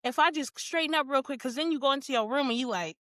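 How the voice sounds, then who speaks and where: A woman hosting a podcast in casual chat, animated and laughing often, acting out little quotes. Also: sits high, quick pace, no room sound, clean studio sound. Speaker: podcast host.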